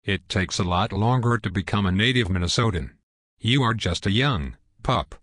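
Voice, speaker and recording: Dry mock-serious man, low voice. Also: animated, moderate pace, a bit bright, no echo. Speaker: co-host of a comedic sports show. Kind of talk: jokey scripted banter.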